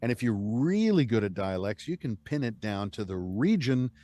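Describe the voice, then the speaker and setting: An American man with a mid-range voice speaks at normal speed as an interview guest; he's an audiobook narrator. His talk is casual and animated, like a chatty storyteller who laughs easily.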